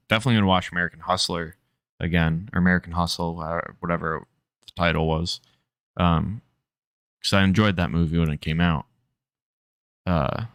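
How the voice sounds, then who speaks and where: A man's voice: deep voice, a bit bright, dry recording, studio quality. A man streaming, chatting casually and profanely while reacting to a clip. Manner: profane, offhand, loose.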